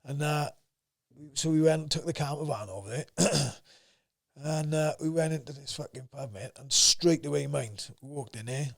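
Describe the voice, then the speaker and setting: Gravelly South Wales man in his thirties. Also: fairly high pitch, moderate pace. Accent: South Wales valleys. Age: 30s. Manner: swears constantly, rambling anecdotes. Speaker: podcast guest. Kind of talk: casual storytelling.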